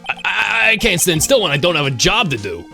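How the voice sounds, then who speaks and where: A man voicing an earnest, excitable male detective. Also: high-pitched, brisk, gravelly, full character voice. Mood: eager. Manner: excitable, says pal. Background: game music.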